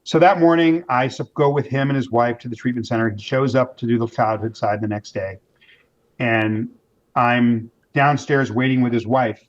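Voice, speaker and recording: Animated storytelling man, lo-fi sound. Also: medium pitch, moderate pace. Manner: animated storyteller, acts out quoted voices, many restarts. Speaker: author and interview guest. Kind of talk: storytelling in a casual interview. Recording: dull lo-fi sound.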